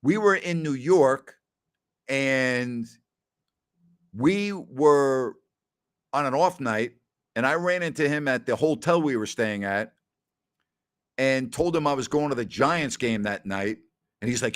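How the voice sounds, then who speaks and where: Man, middle-aged, host answering listener questions, casual and chatty, anecdote-teller, mid-pitched voice. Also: lively intonation, a little slow, pauses often. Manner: chatty, tells anecdotes with quoted dialogue, often says "absolutely". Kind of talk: casual Q&A storytelling.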